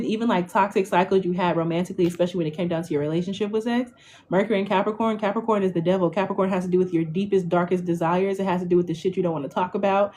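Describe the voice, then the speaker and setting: Twenties woman, rapid-fire tarot reader, chatty and profane. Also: mid-range voice, a little mellow. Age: 20s. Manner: chatty, blunt and profane, full of "okay?" check-ins. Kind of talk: casual tarot reading to camera.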